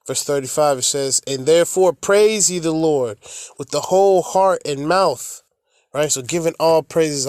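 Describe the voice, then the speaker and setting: A man's voice: a little high, a little mellow, dry recording, studio quality. A man from the American South with a Southern accent, preaching a fiery, profane sermon and chanting prayers in rhythm. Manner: brash, profane, taunting. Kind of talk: fiery street-style sermon.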